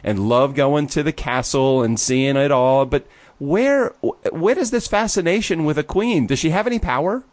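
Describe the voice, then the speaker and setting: A man's voice: a little high, moderate pace, few pauses, no room sound. Brash American male host, teasing and profane, dry close recording. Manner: brash, joking, swears freely. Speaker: podcast host. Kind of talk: casual chat.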